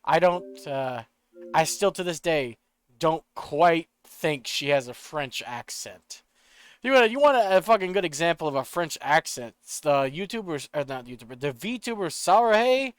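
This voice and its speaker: A man streaming a video game, chatting casually, rambling and swearing in his excitement, with a slight rural American accent. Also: fairly high pitch, a little slow, smooth, dry recording.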